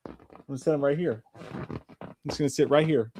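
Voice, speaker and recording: A man's voice: mid-range voice, brisk, a little mellow, a little hiss or hum. A man in his forties hosting a live stream, telling a rambling story with crude jokes in casual chat. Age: 40s. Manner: rambling and jokey, with crude humor.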